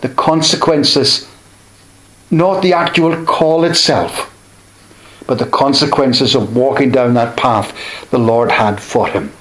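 A man preaching a sermon in a slow, measured way, pausing between short phrases. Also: mid-range voice, fairly bright tone, reverberant, rough recording.

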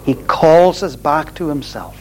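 A man delivers a sermon with slow, deliberate emphasis, leaning hard on repeated phrases. His voice sits a little higher than most men's. A faint hum runs under the recording. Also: darkish tone, rough recording. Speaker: preacher.

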